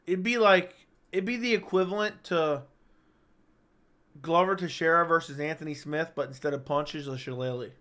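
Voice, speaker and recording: A man's voice: a little high, normal speed, pushed and bright. A young man hosting a live-stream chat, rambling and joking as he reads viewer comments aloud.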